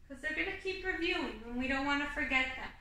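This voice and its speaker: A woman teaching an online kindergarten class, slow and patient, talking to young children and singing simple teaching songs. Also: high voice, lively intonation, bright, forceful tone, heavy reverb, recorded from a distance, poor audio.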